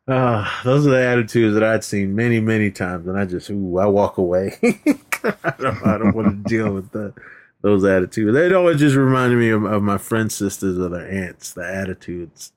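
A man's voice: fairly low pitch, lively intonation, moderate pace. A man co-hosting a podcast, retelling movie scenes in a rambling, casual way and laughing often. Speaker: podcast co-host. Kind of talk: casual movie recap chat.

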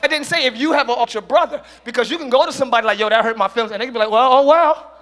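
A man preaching a sermon as pastor to a congregation, using slang and acting out quick quoted voices. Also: extremely high pitch. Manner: preaching with call-and-response and shouted peaks. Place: church hall with congregation.

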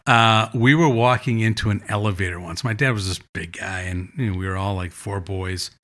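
A man's voice: lowish voice, a little fast. A man telling funny family stories in a casual chat, acting out the lines of the people in them. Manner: animated anecdotes, acting out quotes. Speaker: guest. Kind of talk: casual storytelling.

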